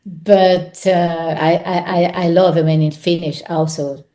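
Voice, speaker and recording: A woman with an Italian accent reflects on her craft as a guest. Her voice sits low and warm. She stumbles and repeats words as she works through English, which is not her first language. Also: flat delivery. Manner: halting, repeats words while searching for English. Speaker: actress, podcast guest. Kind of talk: reflective interview answers.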